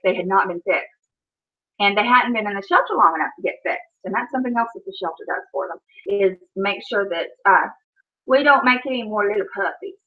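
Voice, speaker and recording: A woman chatting casually on a home livestream from her kitchen, scolding her dogs in baby talk between stories. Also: medium pitch. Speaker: vlogger. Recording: dull lo-fi sound.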